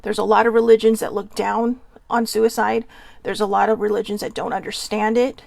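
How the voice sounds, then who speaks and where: A woman host speaking earnestly with a Hawaiian accent, emotional and near tears, halting and repeating herself. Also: medium pitch, level tone, vocal fry, darkish tone, no echo. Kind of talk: emotional personal talk.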